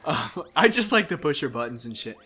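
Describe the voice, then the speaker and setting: A man co-hosts a casual gaming let's play, telling crude, joking stories. His slightly high voice swings in pitch and sounds bright and forceful. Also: very animated, brisk, faint music behind. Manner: crude, joking storyteller who laughs a lot.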